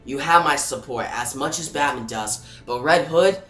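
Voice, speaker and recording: A man's voice: medium pitch, normal speed, a bit bright, natural voice. A man doing a fatherly older police chief. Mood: concerned. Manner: fatherly, earnest. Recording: roomy echo, faint music.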